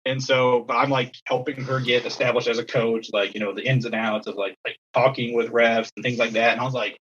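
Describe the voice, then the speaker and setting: A man's voice: mid-range voice, steady tone, brisk, a bit bright, dull audio, slight background noise. A young man telling a rambling story in a casual podcast chat, full of fillers and acted-out quotes. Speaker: podcast co-host and assistant softball coach.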